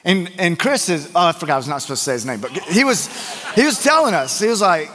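A man delivers a sermon in a relaxed, joking, conversational way, stumbling through fillers and restarts. His voice sits a bit high for a man. The sound carries a long church-hall reverb. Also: quick pace, a little hiss or hum. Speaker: pastor. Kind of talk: sermon with storytelling. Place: church sanctuary.

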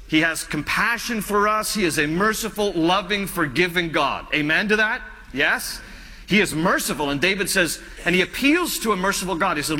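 A male pastor delivers an earnest sermon in a bright, ringing voice pitched a little above most men. His phrases often sink low and quiet at their ends. A long hall reverb trails behind his words.

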